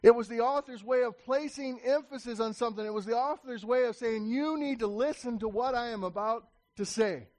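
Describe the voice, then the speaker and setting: A pastor with a strikingly high voice delivers an emphatic sermon, stumbling through quick restarts before driving his points home. He raises his voice now and then to call out to the congregation. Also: darkish tone.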